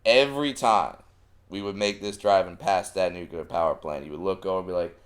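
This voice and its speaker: A low-pitched man chatting casually on a podcast as a comedian guest. He tells his stories with animated energy, slipping into other voices as he acts out the scenes. His delivery stays loose and conversational. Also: fairly quick. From Southern California. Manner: animated storyteller, acting out family anecdotes.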